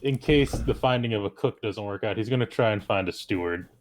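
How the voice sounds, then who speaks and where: A man's voice: lowish voice, fairly quick. A man playing a tabletop game, explaining his character's plans in an easygoing, hesitant way. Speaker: player. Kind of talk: casual tabletop play. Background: faint battle music.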